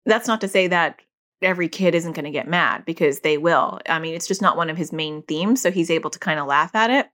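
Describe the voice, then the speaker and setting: Middle-aged mom type explaining stuff, talks lively, jumps up high when she quotes people. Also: a little fast. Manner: lively, acts out quoted lines in a higher voice. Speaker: parent educator teaching about OCD. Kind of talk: casual explaining talk.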